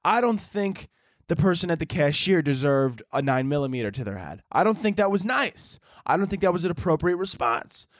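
A man's voice: on the high side, sing-song, brisk, no room sound, studio quality. Man ranting sarcastically on a podcast. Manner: exaggerated, sarcastic ranting with dark humor; rambling, self-interrupting storytelling. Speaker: podcast host. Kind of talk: comedic podcast rant.

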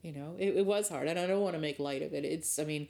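Gravelly and deep, this middle-aged woman's darkish voice races along as she looks back on her early working years in a candid interview. She's a guest from rural Ontario, Canada, thoughtful in her storytelling yet prone to frequent restarts.

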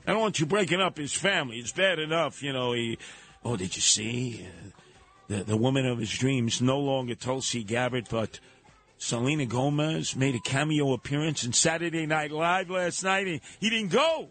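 Sarcastic New radio host. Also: male voice, medium pitch, normal speed, faint music behind. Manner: sarcastic, animated, mocking put-on voices. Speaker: radio talk show host. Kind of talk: opinionated radio monologue.

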